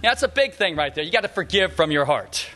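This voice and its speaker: A middle-aged man preaching a sermon in a church, speaking emphatically and slowing down to stress repeated phrases. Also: on the high side, sing-song, pushed and bright. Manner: emphatic, repetitive preaching with slowed punchlines. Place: church sanctuary.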